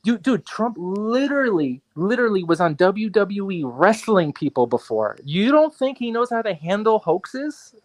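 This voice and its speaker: A man talking in a casual podcast conversation, animated and profane, repeating himself as he rants. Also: high-pitched, normal speed, few pauses. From New York area. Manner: animated, profane, ranting with repetitions. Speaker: guest artist and photographer.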